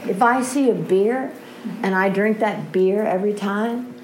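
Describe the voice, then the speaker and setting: A woman's voice: mid-range voice, a little slow, a little hiss or hum, low-quality recording. A woman giving an impassioned personal testimony about recovery, earnest and often checking in with a questioning "right?". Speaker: speaker sharing a recovery story.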